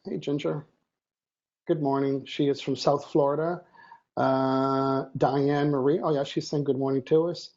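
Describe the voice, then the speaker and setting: Over dull, lo-fi stream audio, another co-host of the live show jokes around and reads viewers' names and greetings. His mid-range voice is unhurried, a little mellow, with fairly even intonation.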